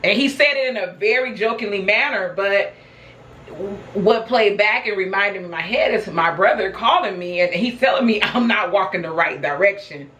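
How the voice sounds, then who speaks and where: A woman vlogger in a chatty mood, telling a story casually to her viewers with frequent laughter. Her voice sits at an ordinary middle pitch. The room around her is echoey. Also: moderate pace, a bit bright. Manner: chatty, laughs often, addresses viewers as y'all. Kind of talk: casual storytelling while snacking.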